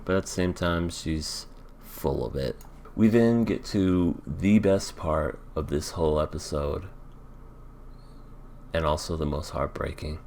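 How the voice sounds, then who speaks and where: A man's voice: deep voice, slight background noise. A man recapping an anime episode in a casual, rambling way, hedging often as he thinks aloud. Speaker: anime reaction vlogger.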